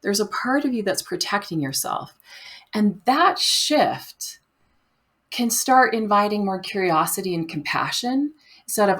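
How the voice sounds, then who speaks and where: A woman guest on a podcast, talking in a gentle, reflective way and often acting out the voice in someone's head. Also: medium pitch, lively intonation, unhurried. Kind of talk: conversational interview.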